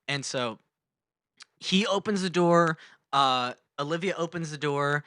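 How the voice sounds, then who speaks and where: Animated young man telling a story. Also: on the high side, a little slow, clean tone, dry recording, studio quality. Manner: animated storyteller, acts out loud quoted shouts. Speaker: podcast co-host. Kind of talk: casual storytelling chat.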